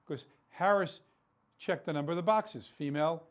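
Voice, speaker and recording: A political talk show host with a voice on the high side speaks at a moderate pace. He delivers an impassioned commentary monologue, piling up rhetorical questions and repeating words for emphasis.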